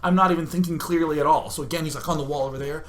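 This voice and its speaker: A man hosting a gaming stream, telling a comic story in an animated, self-mocking way with loud outbursts. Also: a little high, very fast, a little hiss or hum. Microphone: streaming setup facing a webcam.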